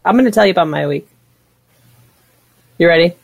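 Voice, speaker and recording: A woman co-hosting a podcast in casual chat, teasing and quick to laugh. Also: fairly low pitch, vocal fry, breathy edge, no echo, highs cut off. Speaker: podcast co-host.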